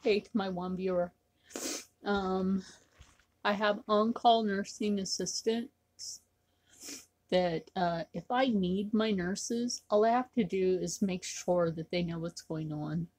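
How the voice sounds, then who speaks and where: Woman vlogger, rambling casual talk to camera, husky, slow. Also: mid-range voice, a little mellow. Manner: rambling, repetitive, with many fillers.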